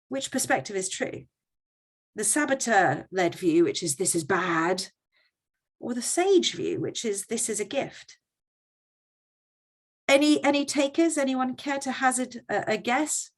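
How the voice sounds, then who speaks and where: A woman's voice: sits high, very animated, normal speed. A woman presenting a workshop in a conversational teaching style, often checking in with her audience.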